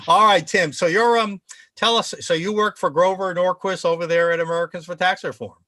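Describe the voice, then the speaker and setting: A man's voice: sits high, fairly even intonation, fairly quick, sharp tone, dry recording, studio quality. A man hosting a political talk show over a video call, opinionated and sarcastic, rambling between points. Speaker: show host.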